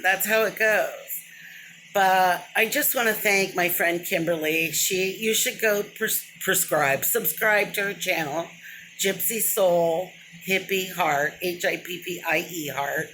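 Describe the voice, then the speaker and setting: A woman's voice: fairly low pitch, bright, forceful tone, a little hiss or hum. Rambling middle-aged woman vlogging. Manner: rambling, self-described, wanders off and says "but anyway"; emotional, openly talks about crying. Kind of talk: casual rambling monologue to camera. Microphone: camera close to the face, within arm's reach.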